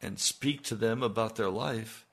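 A man's voice: on the low side, measured pace, vocal fry, a bit bright. A man preaching a sermon, asking his listeners pointed rhetorical questions and building to emphatic peaks.

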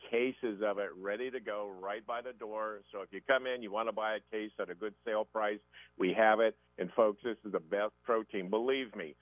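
A man's voice: on the low side, fairly even intonation, normal speed, no room sound. A man co-hosting a radio show, telling a folksy story and repeating "like that". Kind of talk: anecdotal radio chat. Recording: tinny phone line.

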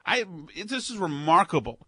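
Sarcastic high-voiced male radio guest. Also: sing-song, normal speed, bright, forceful tone, husky, dry recording. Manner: sarcastic, heated political commentary. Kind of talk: call-in talk radio.

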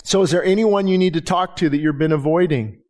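Pastor guy, middle-aged, talks kinda high, preaches casual and acts out little stories. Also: brisk, a little mellow. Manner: conversational preaching, acts out dialogue in anecdotes. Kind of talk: sermon.

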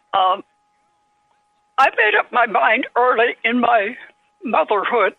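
A woman in her nineties, an author guest, telling anecdotes in a gentle, halting way with husky tone, heard over a phone line. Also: a little high, dry recording. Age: 90s. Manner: slow, gentle storytelling with halting restarts.

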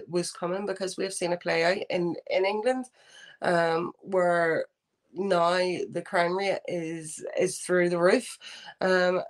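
A woman with a Belfast accent answers interview questions in a somewhat low voice. She is earnest and halting, with frequent ums and restarts as she builds her point. She sounds middle-aged and speaks with steady conviction. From Northern Ireland. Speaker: guest. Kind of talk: remote interview.

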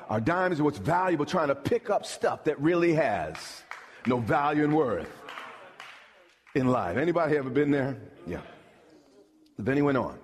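A man's voice: on the high side, a little hiss or hum. A middle-aged man preaching a sermon as pastor, emphatic and calling out questions to the congregation. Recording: long hall reverb.

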